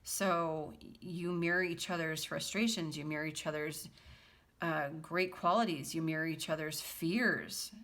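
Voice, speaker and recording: A woman's voice: deep voice, fairly even intonation, unhurried, fairly bright tone. A woman doing a casual tarot reading for her viewers, chatty and prone to fits of laughter. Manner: giggly, chatty, breaks into laughter often; reads song lyrics aloud in a half-sung lilt. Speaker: tarot reader.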